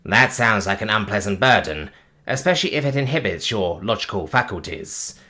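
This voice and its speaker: A man's voice: lowish voice, expressive, a little fast, sharp tone. A man voicing a literal-minded, caring robot who speaks formally, with no contractions.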